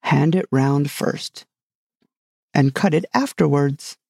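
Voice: medium pitch, takes it slowly, creaky, darkish tone, breathy edge, no echo, clean studio sound, heavily acted. A narrator voicing a proud, dreamy male unicorn in a storybook reading, speaking carelessly and loftily. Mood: haughty. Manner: careless, lofty.

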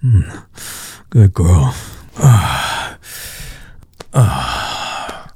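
A man's voice: low voice, sing-song, drawn-out words, darkish tone, slightly rough, dry recording. A man in an intimate audio role-play, talking in a dominant, commanding way with heavy breathing.

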